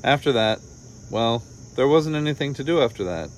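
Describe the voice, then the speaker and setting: A man reading a children's picture book aloud, gently, lifting his voice a little for the children's lines. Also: expressive, normal speed, slight background noise. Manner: gentle storytelling, voices the children's lines slightly higher and livelier. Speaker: storybook reader.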